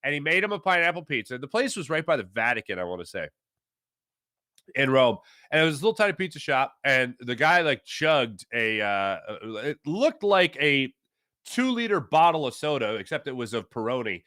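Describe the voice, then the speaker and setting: Hosting a laid-back live sports chat, this man reads out viewer comments and launches into playful, opinionated rants peppered with ums and uhs. His medium-pitched voice is very animated, pushed and bright, moving at normal speed.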